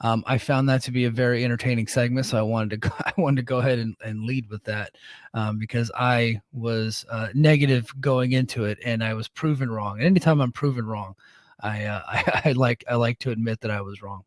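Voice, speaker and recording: A man's voice: mid-range voice, steady tone, brisk, no room sound. A man hosting a podcast, recapping a wrestling show in a casual, rambling way, full of ums and restarts. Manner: rambling and self-correcting, with many ums and restarts. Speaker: podcast host.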